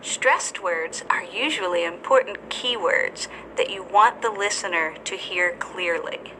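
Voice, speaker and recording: A woman teacher narrating a scripted English lesson, speaking slowly and deliberately with careful enunciation. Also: lowish voice, background noise.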